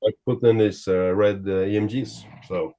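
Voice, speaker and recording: Man, low voice, casual gear chat, halting, lots of fillers, video call. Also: steady tone, dark tone. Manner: halting, searches for words, many fillers. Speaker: guest guitarist.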